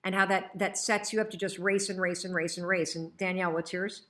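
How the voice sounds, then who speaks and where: Bright-voiced woman coaching with energy. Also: fairly low pitch, a little fast. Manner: energetic, chatty, emphatic. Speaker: host and coach. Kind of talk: motivational training talk.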